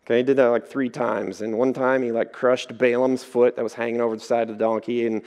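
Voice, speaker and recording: A man preaching a sermon, telling stories in a lively way and acting out the voices in them. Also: mid-range voice, brisk. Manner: lively storytelling, acts out voices. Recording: echoey hall.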